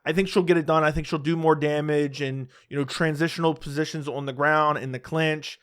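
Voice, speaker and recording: A man's voice: on the high side, steady tone, brisk, a bit bright, clear, resonant tone. A man giving casual solo predictions for upcoming fights, blunt and opinionated with a sarcastic edge.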